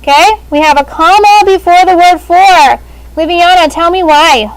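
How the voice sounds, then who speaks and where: High-voiced woman teaching a classroom. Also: low-quality recording. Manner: brisk, calls on students by name. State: speaking through a face shield. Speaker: sixth grade language teacher.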